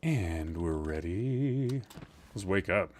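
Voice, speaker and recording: A man's voice: sits low, expressive, slow pace. A man hosting a live-streamed podcast from a room at home, chatting casually, rambling and teasing his chat with jokes.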